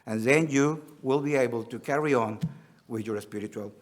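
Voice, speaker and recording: A man's voice: medium pitch, normal speed. A man with a Spanish accent mixed with Australian, preaching a sermon. He reads scripture aloud and acts out the quotes in an earnest way. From Spanish-speaking country.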